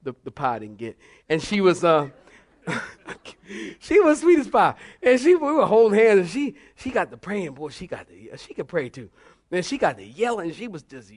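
Animated storytelling pastor, higher voice. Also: male voice. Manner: teacherly, spells out acrostics slowly. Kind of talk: sermon. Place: church.

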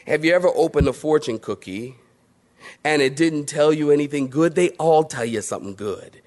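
Male preacher, conversational Bible teaching, slightly high voice. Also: normal speed, darkish tone. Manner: conversational, with playful asides and mock voices.

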